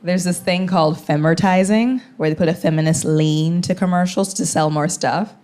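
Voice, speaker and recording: A woman's voice: lowish voice, steady tone, moderate pace, darkish tone. A woman doing observational stand-up, sarcastic, who mocks advertising voices in a sing-song. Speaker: stand-up comedian.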